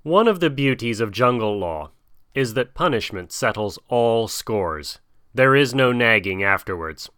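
A man narrating a storybook slowly and dramatically, close to the mic. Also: medium pitch, expressive, a bit bright, smooth, dry recording. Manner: slow, measured and dramatic. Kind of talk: storybook reading.

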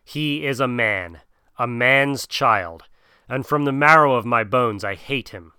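Man doing a growly mean tiger demanding his prey, crisp and dry. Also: medium pitch, unhurried, pushed and bright, dry recording. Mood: contemptuous. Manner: roaring, snarling. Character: menacing male tiger, hateful and greedy.

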